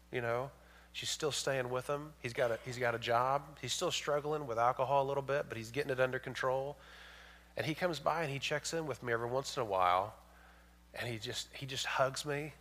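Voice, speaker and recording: A man preaching a sermon, swinging from loud emphatic points to hushed storytelling. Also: medium pitch. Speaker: pastor.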